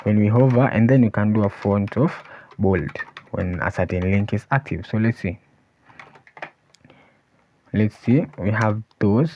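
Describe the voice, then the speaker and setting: A man teaching a coding tutorial, thinking aloud as he types and often pausing to say "let's see". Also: fairly low pitch, a little hiss or hum. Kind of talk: screen-recorded coding walkthrough. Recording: dull lo-fi voice recording. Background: keyboard typing and clicks.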